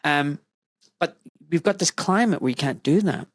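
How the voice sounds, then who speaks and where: A man from Scotland who is a doctor, hosting a podcast in a blunt, animated way, full of asides and quoted voices. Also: fairly high pitch, normal speed, dry recording. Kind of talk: casual opinionated podcast talk.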